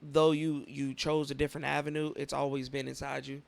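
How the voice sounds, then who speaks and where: A man's voice: on the high side, little pitch movement, fairly quick, gravelly. A man hosting a podcast, talking in a laid-back, encouraging, slangy way with his guest in a studio. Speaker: podcast host. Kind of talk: casual interview chat.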